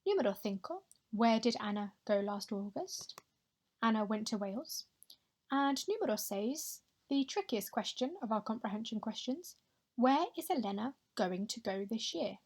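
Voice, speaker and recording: A young woman teaching a recorded Spanish lesson over slides, speaking clearly and patiently and modelling pronunciation slowly for her pupils to repeat. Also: a little high, lively intonation, a little mellow. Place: home or classroom, voice-over on slides.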